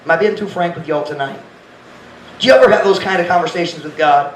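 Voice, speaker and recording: A man's voice: a little high, fast talker. Earnest man preaching. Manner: frank, earnest preaching that acts out his own prayers. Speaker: pastor. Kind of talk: sermon. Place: church sanctuary. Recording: echoey church room, faint noise.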